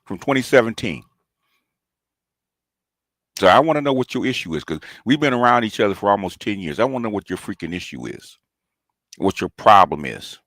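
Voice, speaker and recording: A man's voice: on the low side, very animated, a little fast, pauses often, fairly bright tone, no echo, studio quality. A man, hosting a channel and delivering a combative, taunting call-out rant, often tossing in "okay?". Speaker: commentary channel host.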